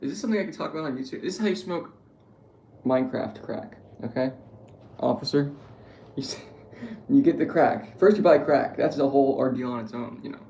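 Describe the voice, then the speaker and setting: A man's voice: mid-range voice, expressive, a little fast, warm tone. A young man streaming, telling crude jokes in a rambling casual monologue full of swearing. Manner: crude, joking, profane storytelling. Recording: echoey room with faint noise.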